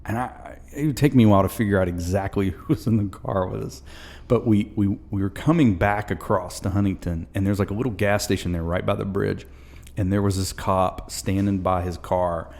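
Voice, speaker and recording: A man's voice: on the low side, fairly quick, gravelly, darkish tone. A man co-hosting a podcast, telling a story in casual chat, rambling and chuckling as he goes. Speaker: podcast co-host.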